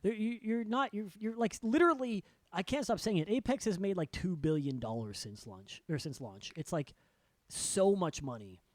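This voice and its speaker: A man's voice: high voice, animated, moderate pace, no echo. A young man co-hosting a podcast, ranting with exasperation and heavy swearing. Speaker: podcast co-host. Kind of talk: casual podcast rant. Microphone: studio podcast mic.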